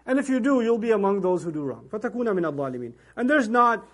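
A man's voice: big pitch swings, rapid-fire. A man giving a Quran lecture as an Islamic teacher, telling the story with rhetorical questions and acting out quoted voices. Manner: acts out quoted voices with big pitch jumps.

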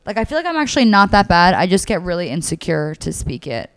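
A woman's voice: on the low side, big pitch swings, fast, clear, resonant tone, no room sound. A woman comedian guesting on a podcast, telling stories in a laid-back, rambling way. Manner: laid-back storytelling, lots of "like". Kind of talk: casual chat.

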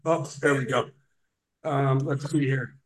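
A man giving an energetic sales training talk on a video call, animated and acting out sales pitches. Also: slow, slight background noise. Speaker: webinar presenter on sales financing.

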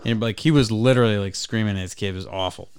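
A man's voice: fairly low pitch, fast talker, smooth, no echo, studio quality. A man co-hosting a casual podcast, telling rambling, profane stories about customers. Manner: rambling, profane, animated retelling. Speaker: podcast co-host and game store worker. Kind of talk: casual storytelling chat.

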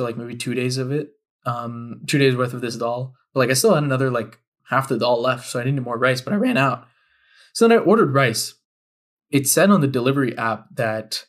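A young man hosting a solo podcast, telling stories in a casual, exasperated way, swearing often and jumping high in pitch when frustrated. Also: fairly bright tone. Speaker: podcast host.

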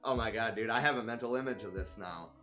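A man's voice: lowish voice, fast talker, sharp tone, faint music behind. Male reader, casual and profane, reads a memoir aloud with amused asides.

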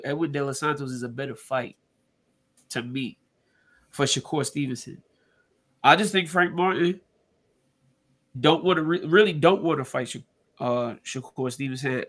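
A young man co-hosts a casual sports talk show, arguing and teasing his partner in a playful back-and-forth. His voice sits a bit higher than most men's. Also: fairly bright tone. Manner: argumentative, playful ribbing. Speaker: podcast co-host.

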